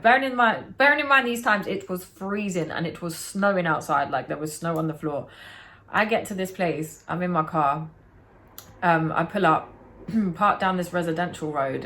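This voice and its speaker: Lower-pitched woman in her late twenties, animated storyteller who swears freely. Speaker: vlogger. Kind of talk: storytime chat.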